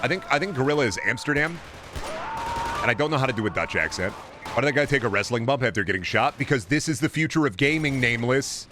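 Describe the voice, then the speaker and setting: Young guy streamer ranting about a game, cussing a lot, sharp bright voice. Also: medium pitch, lively intonation, fast talker, slight background noise. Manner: sarcastic, profane, ranting. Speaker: gaming streamer. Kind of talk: casual gameplay commentary.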